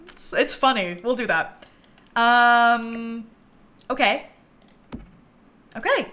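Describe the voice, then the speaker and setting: A woman livestreaming a game, chatting casually and thinking aloud, with bursts of giggly excitement. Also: a little high, slow pace, pauses often. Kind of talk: casual gameplay commentary.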